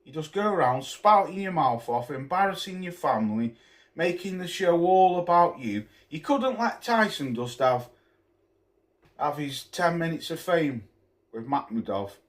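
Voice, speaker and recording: A man's voice: a little high, animated, unhurried. A man ranting to camera as a boxing vlogger, scornful and full of swearing and name-calling. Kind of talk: angry rant to camera.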